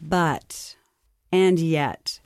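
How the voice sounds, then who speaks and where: A woman's voice: sits low, very slow, no room sound, studio quality. A woman co-hosting an interview, asking encouraging, reflective questions. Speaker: co-host.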